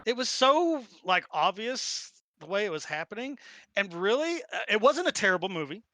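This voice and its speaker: A man narrates a tabletop game and rants casually between scenes, animated and quick to swear. His voice sits high and bright. The sound is dry and close to the mic. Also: dry recording. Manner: animated, excitable, swears freely. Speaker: game master.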